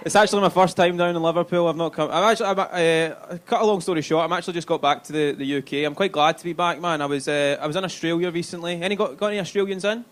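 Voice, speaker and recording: On a comedy club stage, a Glaswegian comedian runs a chatty, sweary live set, checking in with the audience in his Scottish accent. He pitches on the high side and talks quickly with few pauses.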